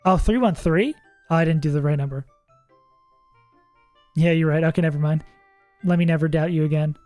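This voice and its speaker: A chatty streamer talks through game strategy out loud, laughing often and second-guessing the numbers. The voice sits at a middle pitch, recorded close and dry with faint music underneath. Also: moderate pace, no echo. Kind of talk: casual livestream commentary.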